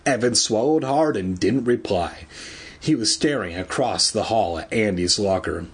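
A man's voice: a little slow, husky. A man reading a children's horror novel aloud, shrieking the characters' lines and breaking off for crude, joking asides. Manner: animated, jumps to shrill shrieks for characters, swears in asides.

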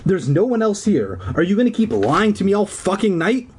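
A man's voice: high-pitched, big pitch swings, moderate pace, darkish tone, pitched above the performer's own voice. A man voicing a furious, foul-mouthed female schoolteacher who scolds and swears nonstop. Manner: screaming, swearing constantly.

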